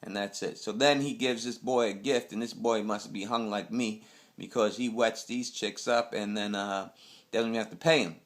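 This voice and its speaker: A man's voice: fairly low pitch, fairly even intonation, normal speed. A young man from Queens, giving a casual, rambling TV episode recap full of blunt street slang. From Queens, New York. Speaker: TV recap host.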